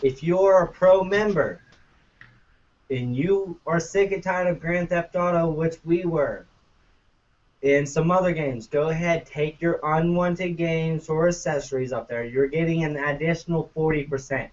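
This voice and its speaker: A man's voice: fairly high pitch, fairly even intonation, measured pace, darkish tone. A man co-hosting a gaming podcast, ranting casually and profanely. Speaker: podcast co-host. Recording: muffled lo-fi, distant from mic.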